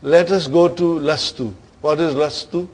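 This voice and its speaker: A man teaching an Arabic grammar lesson to students, coaxing them along, stretching key words and trailing off softly at the ends of phrases. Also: a little high, steady tone, a little slow, low-quality recording. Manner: coaxing, keeps asking "are you with me, brother?".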